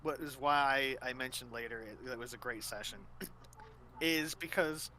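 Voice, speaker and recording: A man's voice: mid-range voice, a little slow, sharp tone, a little hiss or hum. A man hosting a casual talk show, retelling tabletop game sessions in a rambling way with many fillers. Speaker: host. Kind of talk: casual chat.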